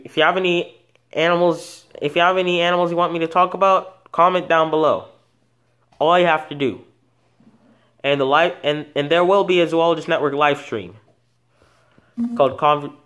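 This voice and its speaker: A man with a fairly high, slightly bright voice and a clean tone hosts an animal video channel. He speaks casually and unscripted about animals, rambling with many false starts and self-corrections.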